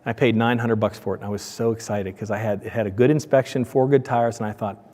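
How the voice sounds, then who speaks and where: A man giving a conference talk, telling stories with lively acted-out voices. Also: fast talker, hardly any pauses. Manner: animated, acts out dialogue with raised pitch. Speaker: conference speaker, donut shop owner. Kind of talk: storytelling presentation. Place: conference hall. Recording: hall reverb from a conference room.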